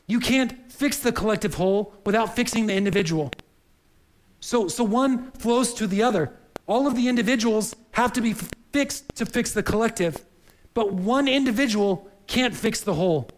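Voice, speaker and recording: High-voiced earnest preacher man. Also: normal speed, slight background noise, rough recording. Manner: earnest, repeats words while searching for phrasing. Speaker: pastor. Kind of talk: sermon.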